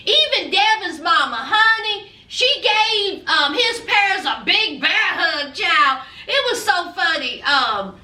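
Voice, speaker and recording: A woman's voice: very high-pitched, slow, hardly any pauses, reverberant, far from the mic. A woman, recapping a reality show in a sassy, chatty way, calling listeners honey and child. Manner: sassy and animated, calls viewers honey and child, acts out quotes.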